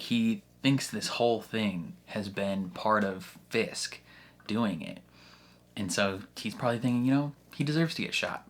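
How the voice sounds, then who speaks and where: A man hosting a casual reaction video, ranting in an animated, exasperated way and swearing often. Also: lowish voice.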